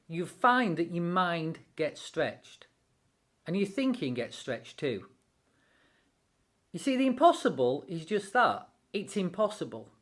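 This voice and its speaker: A devotional speaker giving an encouraging sermon-style talk, acting out quotes with animation. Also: medium pitch.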